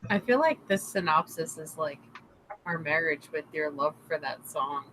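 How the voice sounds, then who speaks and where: A woman's voice: sits low, normal speed, bright, forceful tone, slight background noise, low-quality recording. A woman joining a casual chat as a guest, making dry, teasing quips.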